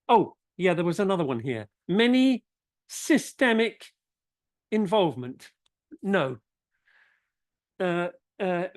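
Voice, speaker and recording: A woman English teacher gives slow, halting feedback on word usage, often stopping and restarting her sentences. Her voice sits at a middle pitch and sounds close and dry, with almost no room echo. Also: a little mellow.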